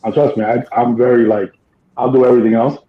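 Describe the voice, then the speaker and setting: A man talks through a casual podcast chat in a blunt, emphatic way, swearing freely as he makes his points. His voice sits at an ordinary pitch for a man. The recording bounces around an echoey room and sounds a little dull. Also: little pitch movement, fast, slight background noise. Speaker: podcast co-host.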